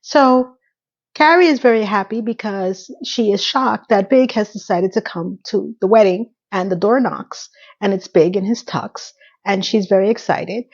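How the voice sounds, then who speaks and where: A woman casually recapping a TV episode in a chatty, animated way. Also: medium pitch, a little slow, muffled recording. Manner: animated, acts out quotes.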